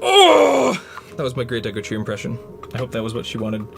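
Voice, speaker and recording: A man's voice: on the low side, little pitch movement, very fast. A man talking casually on a livestream while painting, joking and answering chat. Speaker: streamer and prop maker. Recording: music playing under the voice. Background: background music.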